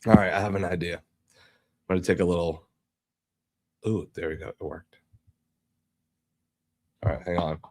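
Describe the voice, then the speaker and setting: A man's voice: low-pitched, steady tone, moderate pace, long pauses, darkish tone. A man chatting casually on a live stream while he works, muttering to himself and swearing offhandedly, sounding a little stuffy from pollen. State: sounds a bit sick from pollen. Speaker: livestreaming video editor.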